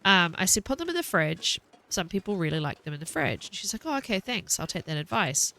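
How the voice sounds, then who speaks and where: Kiwi lady streamer rambling along, bright forceful voice, laughs a lot. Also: lowish voice, big pitch swings, fairly quick. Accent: New Zealand. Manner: chatty, rambling, laughs often. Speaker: game streamer. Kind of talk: casual chat while streaming.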